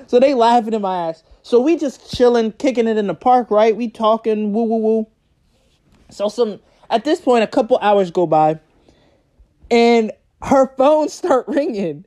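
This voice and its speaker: A man's voice: extremely high pitch, a little slow, mellow. A young man telling a personal story in a casual, slangy storytime vlog, laughing as he goes.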